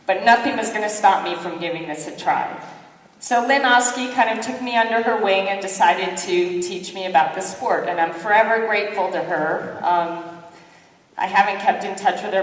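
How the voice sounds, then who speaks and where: A woman delivers a motivational keynote in a large hall. She tells stories about herself in a lively, self-deprecating way and acts out what people said. Her voice, of middle pitch, carries a long reverb and sounds distant from the microphone. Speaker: keynote speaker. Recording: echoey hall, distant mic.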